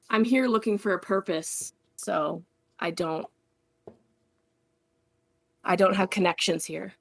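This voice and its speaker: A woman voices a young elf woman, earnest and searching, for a tabletop game. Her voice is gravelly with vocal fry and sits somewhat low. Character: young female elf seeking purpose.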